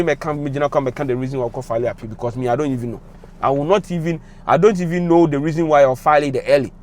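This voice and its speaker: A young Ghanaian man speaking with a Ghanaian accent, giving emotional, impassioned commentary that switches between English and Twi. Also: high voice. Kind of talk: passionate commentary to camera.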